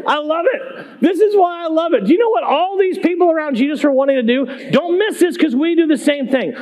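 A man's voice: very high-pitched, expressive, a little fast, darkish tone. A man preaching in a church, talking conversationally to the congregation with emphatic rhetorical questions. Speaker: pastor. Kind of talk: sermon. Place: church sanctuary.

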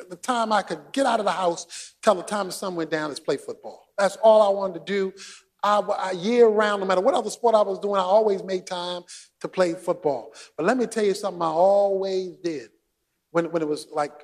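A man preaching a sermon, shouting for emphasis and joking with his congregation. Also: sits high. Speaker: pastor.

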